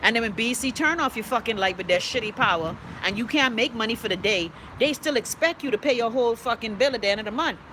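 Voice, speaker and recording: A woman's voice: a little high, lively intonation, fast, hardly any pauses, background noise. A middle-aged woman with a Bahamian accent hosting a casual live stream, blunt and profane as she rants and reads comments. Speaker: live-stream host reading viewer comments.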